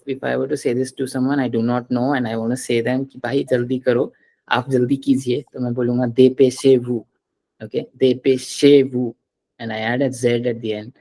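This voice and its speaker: A man's voice: mid-range voice, creaky, warm tone, poor audio. A man teaching a French class, patiently drilling pronunciation and slipping into Hindi.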